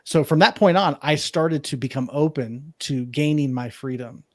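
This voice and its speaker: A man's voice: on the high side, normal speed, no echo, studio quality. A man being interviewed as a guest, telling a personal story in an earnest, reflective way. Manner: earnest, reflective, acts out remembered dialogue. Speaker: podcast guest, life coach.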